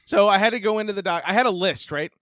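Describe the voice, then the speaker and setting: Animated, profane man in his forties. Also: sits high, fast, dry recording. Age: 40s. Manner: profane, animated, laughs often. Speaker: podcast co-host. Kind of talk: casual storytelling chat.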